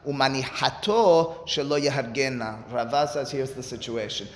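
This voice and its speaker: A man's voice: mid-range voice, normal speed, fairly bright tone. A man giving a Talmud study lecture, explaining step by step and posing rhetorical questions to his listeners. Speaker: Talmud teacher. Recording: echoey hall with long reverb.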